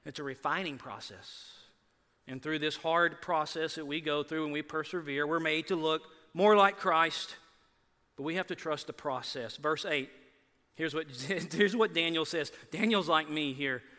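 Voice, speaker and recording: High bright-voiced man preaching, animated, acts out the voices, long echo in a church. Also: unhurried. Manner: animated, acts out biblical voices with rising emphasis. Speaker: pastor. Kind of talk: sermon. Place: church sanctuary. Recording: long hall reverb.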